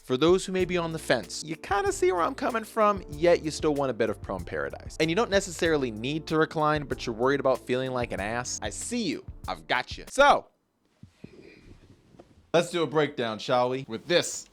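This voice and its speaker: A man's voice: a little high, sing-song, fairly quick, hardly any pauses, soft background music. A man hosting a comedic commentary video, playful and sarcastic, acting out little skits. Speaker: video essay host.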